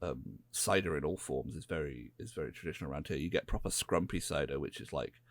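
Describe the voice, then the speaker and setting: A man with a West Country English accent, co-hosting a podcast in casual chat, rambling and drifting into quiet asides. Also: very deep voice, fast talker, no echo. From England. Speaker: podcast co-host.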